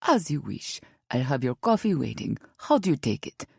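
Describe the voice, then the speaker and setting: Woman voicing a composed Brazilian-accented housekeeper, polite, formal, low voice, dry sound. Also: very animated, normal speed, gravelly, darkish tone, slightly rough, no echo, exaggerated voice. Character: tall female housekeeper, calm and reserved.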